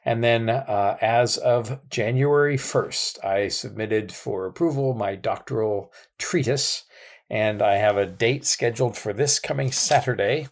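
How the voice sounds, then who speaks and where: A man with a low voice co-hosts a podcast. He chats in a genial, easygoing way. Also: a little slow. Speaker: podcast co-host, reverend. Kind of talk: casual podcast chat.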